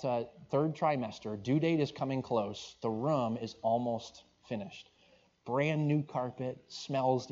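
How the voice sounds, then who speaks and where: A man's voice: mid-range voice, a little mellow. A man preaching, telling a story in a conversational, rambling way with restarts and asides. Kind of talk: sermon storytelling. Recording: dull lo-fi recording.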